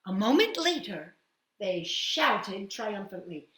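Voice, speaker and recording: A woman storyteller reading a children's picture book aloud, expressive and full of sound effects. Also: medium pitch, slow. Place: at home. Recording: echoey room.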